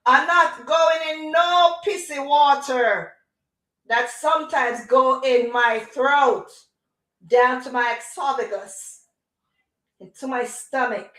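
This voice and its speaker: A middle-aged woman chatting casually on her livestream, animated and drifting into patois. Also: high-pitched, takes it slowly. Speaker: livestream host. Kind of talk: casual chat. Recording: echoey room.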